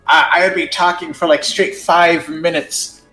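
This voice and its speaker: A man casually chatting while reading a visual novel, with quick animated banter. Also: fairly high pitch, roomy sound, music in the background, low-quality recording. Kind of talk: casual chat.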